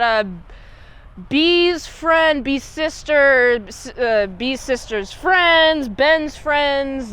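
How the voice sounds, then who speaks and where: A woman recapping a movie in a casual chat, animated and playfully mocking, bursting into squealing impressions. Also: high-pitched. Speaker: movie reviewer.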